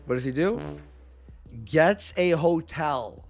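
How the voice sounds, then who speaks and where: A man's voice: fairly high pitch, lively intonation, takes it slowly, over music. A man telling a heated story with lots of swearing, acting out quotes in a raised voice. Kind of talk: animated storytelling with profanity.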